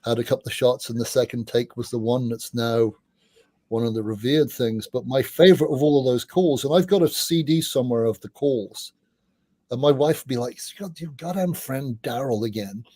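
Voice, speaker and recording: A middle-aged man, a podcast guest, telling anecdotes in a chatty way, often restarting his sentences and dropping in quick asides. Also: mid-range voice, steady tone, mellow, dry recording. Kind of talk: casual anecdotal storytelling.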